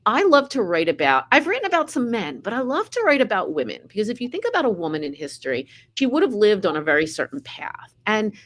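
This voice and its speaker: A woman's voice: mid-range voice, big pitch swings, fast, few pauses, a bit bright. A middle-aged woman, an author being interviewed, speaking in an earnest, reflective way. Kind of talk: casual conversational interview.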